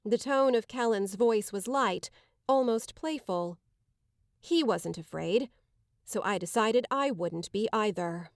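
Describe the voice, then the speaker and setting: A woman giving measured, dramatic first-person narration of an audiobook. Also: mid-range voice, animated, no room sound, clean studio sound.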